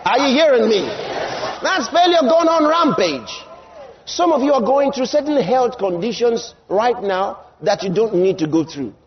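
A man preaching a sermon in an emphatic style, repeating his lines and rising to shouts. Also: high-pitched, normal speed, few pauses, dull audio, slight background noise.

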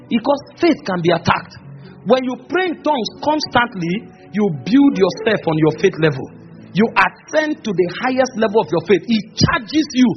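A man preaches with a high voice, animated and theatrical, slipping into voices to act out scenes. The recording sounds a bit muffled, with faint music underneath. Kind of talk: sermon.

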